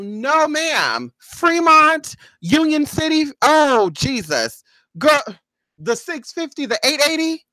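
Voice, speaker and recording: Animated, exclamatory woman telling a story. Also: mid-range voice, no room sound. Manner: animated, exclamatory, swears freely, acts out her own reactions. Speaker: spiritual vlogger. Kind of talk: casual storytelling to viewers.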